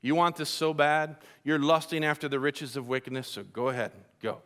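A preacher voicing a stern commanding God. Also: male voice, fairly high pitch, steady tone, brisk, fairly bright tone, lightly acted. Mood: resigned. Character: stern commanding male deity.

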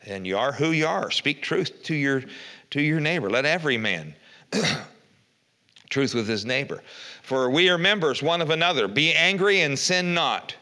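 A man's voice: mid-range voice, animated, normal speed, pushed and bright. Older man preaching a folksy sermon. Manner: folksy preaching, reads scripture aloud with rhetorical questions. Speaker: pastor.

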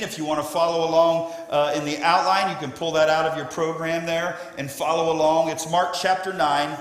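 A male pastor delivers an emphatic sermon, driving his points home and swelling to shouts. His voice sits high for a man. The sound is echoey, with a long reverb tail like a large church hall. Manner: emphatic preaching that swells to shouting on key lines. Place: church sanctuary.

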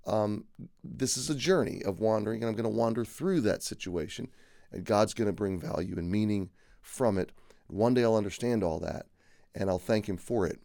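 A man's voice: fairly low pitch, gravelly, mellow, dry recording, studio quality. A male pastor giving a daily devotional Bible teaching, earnest and repeating phrases for emphasis.

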